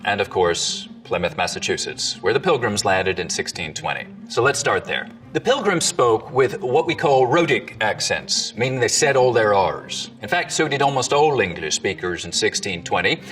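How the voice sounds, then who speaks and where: A man, a dialect coach, explaining accents in an educational video with clear, lively delivery. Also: medium pitch, far from the mic.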